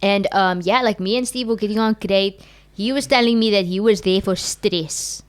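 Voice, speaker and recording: A young woman hosting a podcast, telling a story in a frank, animated way and swearing freely. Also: medium pitch, normal speed. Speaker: podcast host. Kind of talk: casual storytelling.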